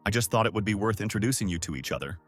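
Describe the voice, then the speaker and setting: A man's voice: lowish voice, very fast, faint music behind. A man reading as a fawning viscount. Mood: flattering. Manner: flattering, ingratiating. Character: fawning middle-aged male viscount host.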